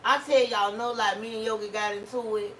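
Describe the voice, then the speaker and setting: A woman's voice: fairly high pitch, fairly even intonation, brisk, bright, forceful tone. A middle-aged woman talking casually and playfully, laughing as she tells stories. She sits away from the mic, and the room gives her voice an echo. A faint hum of ambience is behind her. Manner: playful storytelling, laughs often. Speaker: vlog co-host. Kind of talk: casual chat. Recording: echoey room, mic at a distance.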